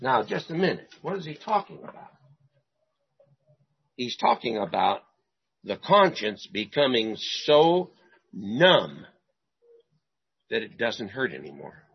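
Slow, husky-voiced man preaching. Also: medium pitch, lo-fi sound. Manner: animated, rhetorical questions, repeats phrases for emphasis. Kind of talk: sermon.

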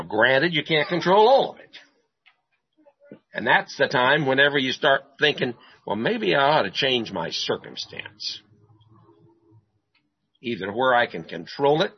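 A man delivers a sermon in a husky voice and at an unhurried pace. He asks rhetorical questions and drives his points home by repeating them. The recording sounds dull and lo-fi. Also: mid-range voice. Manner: animated, rhetorical questions, repeats phrases for emphasis. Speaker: preacher.

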